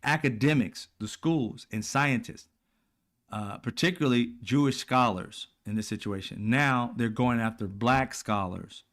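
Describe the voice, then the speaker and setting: A man's voice: medium pitch, a little slow, fairly bright tone. A man, giving blunt, profane, heated political commentary as a host in casual speech.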